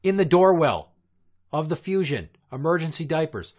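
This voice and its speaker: A man's voice: fairly high pitch, sing-song, moderate pace, darkish tone. A man in his thirties hosting a comedy podcast, telling crude stories in long, profane, rambling run-on rants. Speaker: podcast host.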